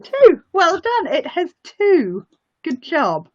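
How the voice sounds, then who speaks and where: A woman's voice: a little high, very animated, a bit bright. A woman teaching a phonics lesson to young learners, encouraging and praising them often. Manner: encouraging, slow and sing-song, praising often. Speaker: English teacher. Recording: muffled lo-fi audio.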